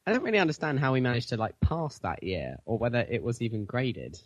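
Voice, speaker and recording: A man co-hosts a casual gaming podcast, rambling, laughing a lot, and trailing off with fillers in giggly casual chat. His medium-pitched voice swings hugely in pitch and moves fast, and the recording is dry.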